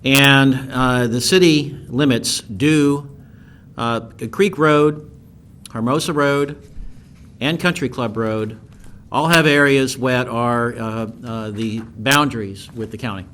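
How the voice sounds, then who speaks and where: A man's voice: mid-range voice, slow pace, a bit bright. A man on a city council speaking hesitantly with frequent ums while deliberating. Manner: hesitant, many ums and uhs. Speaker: council member.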